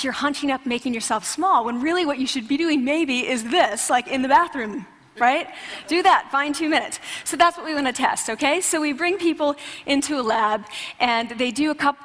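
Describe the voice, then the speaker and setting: A woman researcher giving a talk to an audience, animated and conversational, with restarts and asides. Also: a little high. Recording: long hall reverb.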